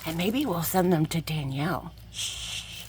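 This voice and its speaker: A chatty woman, her voice sitting at an everyday middle pitch. She gushes and rambles in a casual vlog manner, talking straight to her viewers. A faint hiss sits under her voice. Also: lively intonation, normal speed. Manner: gushing, effusive, chatty, many asides to viewers. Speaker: jewelry-making YouTuber opening bead mail.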